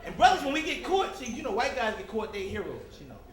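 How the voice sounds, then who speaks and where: A man with a very high, lively voice does a stand-up comedy routine, teasing the audience and jumping into quick character voices. He is recorded in an echoey club with a crowd laughing behind him. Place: comedy club stage before a live audience.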